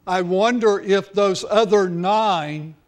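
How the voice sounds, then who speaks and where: A man's voice: high-pitched, takes it slowly. A male pastor preaching a sermon, earnest, drawing out key words for emphasis.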